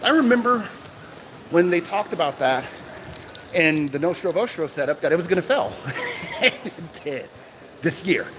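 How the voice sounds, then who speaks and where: Holding his phone as a mic, a crypto livestream host with a slightly high voice talks at normal speed with long pauses, keys jangling amid a noisy background. He's animated, greeting chat viewers by name and tossing out rhetorical questions.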